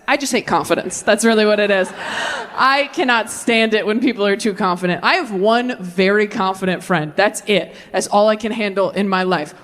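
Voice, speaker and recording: A woman's voice: mid-range voice, a bit bright. A woman in her thirties doing a brutally honest, self-deprecating stand-up set into a handheld mic on a comedy stage. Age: 30s.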